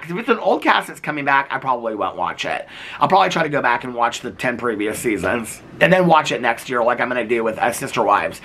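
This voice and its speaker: A young man in a casual vlog, chatting in an animated, gossipy way with exasperated asides. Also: mid-range voice, fairly quick. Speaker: vlogger reviewing reality TV. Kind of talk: casual chat to camera.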